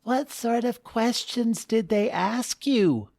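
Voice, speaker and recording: A man voicing a blunt, curious young daughter in a told story, asking in a high, questioning voice. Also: takes it slowly, gravelly, darkish tone, dry recording, clean studio sound, exaggerated voice.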